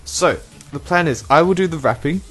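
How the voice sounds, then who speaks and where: A man's voice: on the high side, moderate pace, a bit bright, soft background music. Playful, rambling podcast host man. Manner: playful, rambling, lots of ums. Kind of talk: casual podcast chat.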